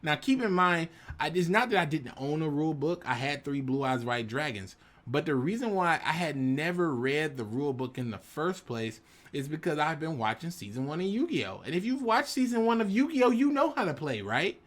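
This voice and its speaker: A man telling a personal story in an animated, casual way, sometimes jumping into dramatic voices. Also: a little high, moderate pace. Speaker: YouTube storyteller.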